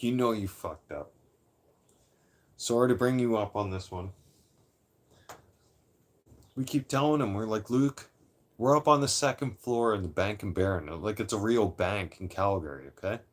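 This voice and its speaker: A man in his late thirties telling a long story to a live chat in a casual, profane, rambling way, often repeating and restarting phrases. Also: mid-range voice. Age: 30s; late 30s. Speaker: livestream host.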